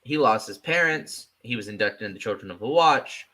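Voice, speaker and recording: A man's voice: mid-range voice, expressive, brisk, sharp tone, rough recording. A man co-hosting a podcast, talking playfully and jokingly in casual conversation, with many fillers. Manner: playful and jokey, lots of "like". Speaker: podcast co-host. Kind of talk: casual fan discussion.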